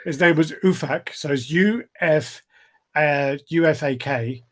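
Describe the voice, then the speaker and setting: Man, podcast co-host, casual chat, rambling stories, slightly high voice, laughs often. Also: unhurried. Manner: rambling storyteller, laughs a lot.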